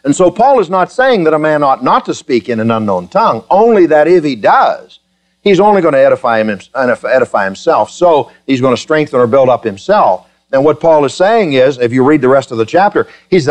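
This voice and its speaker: A man's voice: fairly high pitch, big pitch swings, fairly quick, a little mellow. A man preaching a sermon to his congregation, joking with them in a chatty way and then building to fervent, emphatic preaching. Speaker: pastor.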